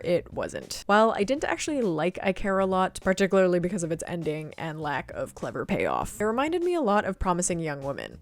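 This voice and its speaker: A woman hosting her own channel, reading a scripted video essay in a wry, opinionated way. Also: on the low side. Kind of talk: scripted narration.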